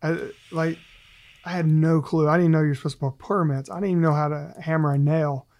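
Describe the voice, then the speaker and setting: A man's voice: a little high, steady tone, fast talker, a little mellow, muffled recording. A middle-aged man, a guest in a casual faith conversation, telling self-deprecating stories and laughing often.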